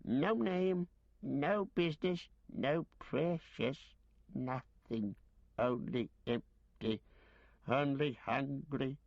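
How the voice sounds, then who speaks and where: Gollum, a whining starved creature. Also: male voice, medium pitch, drawn-out words, gravelly, dry recording, voice pushed up. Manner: whining, whimpering. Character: wretched cringing male creature, starving and fearful. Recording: dull lo-fi recording.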